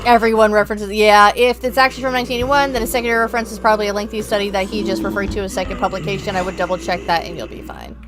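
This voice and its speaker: A woman's voice: mid-range voice, fairly even intonation, very fast, few pauses, poor audio. A young woman streamer chatting casually while she plays, bubbly and self-deprecating. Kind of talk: casual gameplay chat. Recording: game music underneath.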